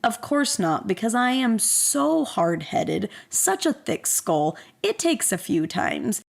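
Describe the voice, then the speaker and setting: A woman in her thirties tells a personal story with a frank, self-mocking ease. Her mid-pitched voice carries a steady gravelly fry. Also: slow pace. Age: 30s. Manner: candid, self-deprecating, conversational. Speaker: podcast host.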